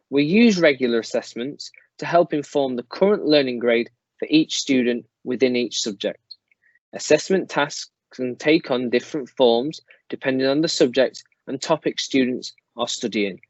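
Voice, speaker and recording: A man giving a formal, measured presentation to parents as a school staff member. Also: mid-range voice, no echo. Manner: measured, formal, explanatory delivery. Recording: slightly dull, dry close recording.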